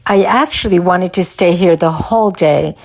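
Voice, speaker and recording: A woman giving calm, unhurried vlog commentary. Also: lowish voice. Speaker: vlogger.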